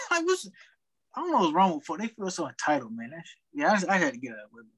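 A young man who works retail, telling work stories in a casual chat with an animated, venting delivery. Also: a little high, racing, breathy edge, rough recording. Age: young adult. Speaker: retail worker.

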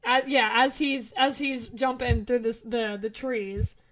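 A woman's voice: on the high side, steady tone, measured pace. Young woman narrating as game master. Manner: hesitant, lots of fillers and restarts.

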